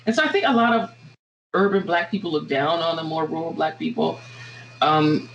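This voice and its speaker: A woman with a Southern American accent, a podcast guest talking things through in a reflective, halting way with many restarts. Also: sits low, creaky, lo-fi sound, slight background noise. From Southern United States. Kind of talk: casual podcast conversation.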